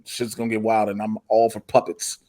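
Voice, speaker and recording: A man co-hosting a casual TV review show, talking in an animated, slangy way and often laughing. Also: fairly low pitch, fairly quick.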